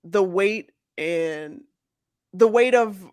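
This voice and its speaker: A woman co-hosting a podcast in casual chat, talking slowly and haltingly with many restarts. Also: medium pitch, darkish tone, no echo. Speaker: podcast co-host.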